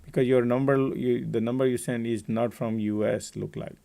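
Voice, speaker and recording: A man's voice: mid-range voice, fairly even intonation, normal speed, vocal fry, mellow. A man hosting a live trading stream, giving casual market commentary and chatting with viewers by name.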